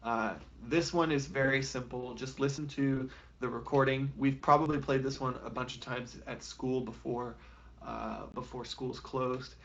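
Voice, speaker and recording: A man's voice: mid-range voice, fairly even intonation, a little slow, gravelly, a bit bright, muffled recording. A man teaching a live online beginner flute lesson, talking casually and encouragingly with plenty of fillers. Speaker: music teacher.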